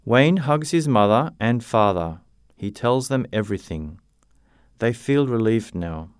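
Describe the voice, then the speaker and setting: A man narrating a simple graded-reader story with clear, deliberate reading. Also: medium pitch, animated, no echo, clean studio sound.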